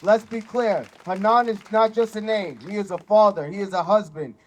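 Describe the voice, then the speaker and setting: A man's voice: high voice, dull audio. A man, a union business agent, giving a firm, prepared speech at an outdoor rally. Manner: firm, declarative, measured.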